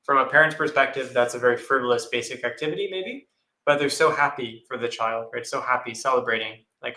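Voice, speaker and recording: A man's voice: mid-range voice, a little fast, pushed and bright, roomy sound, rough recording. A male monastic on a panel, answering a question thoughtfully and acting out little inner voices as examples. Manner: thoughtful, repeats phrases, acts out inner voices. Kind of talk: dharma talk answering a question.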